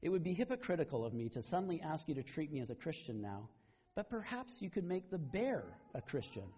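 A man's voice: a little high, big pitch swings, a little fast, warm tone, big-room sound. A man playing a cornered atheist hiker in a joke during a sermon, bargaining in a wry, matter-of-fact way. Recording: dull lo-fi recording.

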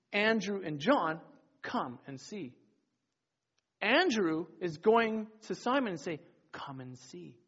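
A youth pastor gives a loose, chatty sermon, often restarting his sentences and playing out the quotes he tells. His voice is a little high for a man and husky. The recording sounds dull and lo-fi. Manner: rambling and conversational, with many restarts and acted-out quotes. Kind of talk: casual sermon.

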